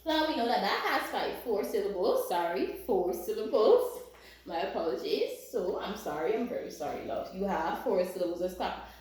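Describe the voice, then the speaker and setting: A woman teaches a lesson to young children in a classroom, her tone sing-song and encouraging, with frequent "right?" check-ins. Her voice is medium-pitched, expressive and a little mellow at a moderate pace, recorded in a very echoey room with faint noise.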